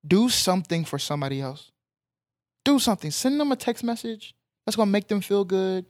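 A young man, telling a personal story in an animated, emphatic way on a casual podcast. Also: sits high, brisk, dry recording, clean studio sound.

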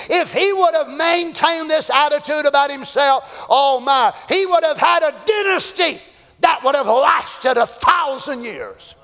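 Preacher guy, really high voice, fired up, long echo off the church walls. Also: unhurried. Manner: fervent preaching, rising to shouts and dropping to hushed asides. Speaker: pastor. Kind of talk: Pentecostal sermon. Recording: long church hall reverb.

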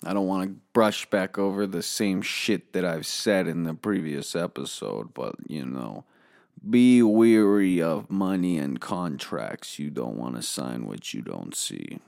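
A man with a deep, gravelly voice drawls slowly through a comic tale. He is boastful and rambling and swears freely. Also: big pitch swings, darkish tone. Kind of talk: comedic storytelling monologue.

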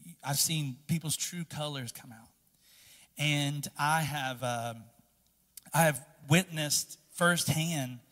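A man preaching a sermon in a big church hall, his bright, forceful voice ringing out with a long tail of reverb. His pitch sits a little high for a man. He leans in close and confiding, then climbs into loud, impassioned preaching. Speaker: pastor. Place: church sanctuary.

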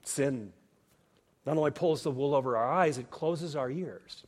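A man delivering a sermon as pastor, earnest and shifting between hushed, quiet passages and emphatic, raised ones. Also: mid-range voice, unhurried. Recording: long hall reverb.

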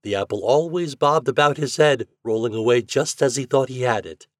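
A man's voice: medium pitch, normal speed, dry recording, studio quality. A man hosting a podcast, reading a children's story aloud and acting out the characters. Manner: expressive, acts out the characters. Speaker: podcast host and reader.

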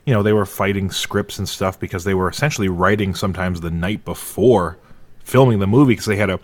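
Low-voiced man sharing film trivia. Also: fairly quick, darkish tone. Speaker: podcast co-host. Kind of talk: casual movie discussion.

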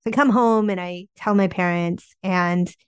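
A woman author telling candid family stories in an interview, chatty and animated, often saying "like". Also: on the low side, moderate pace, clean tone, no room sound. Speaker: memoir author guest.

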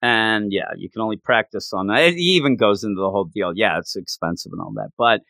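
A man's voice: fairly low pitch, expressive, brisk, pushed and bright, no echo. A man chatting casually as a podcast co-host, laughing often and acting out characters' lines as he recaps. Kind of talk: casual chat recapping a show.

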